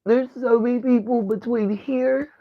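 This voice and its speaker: A woman's voice: a little high, fairly even intonation, normal speed, no echo, muffled recording. A woman hosting a livestream, talking bluntly and profanely in a rambling rant from home. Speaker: livestream host. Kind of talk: casual livestream talk.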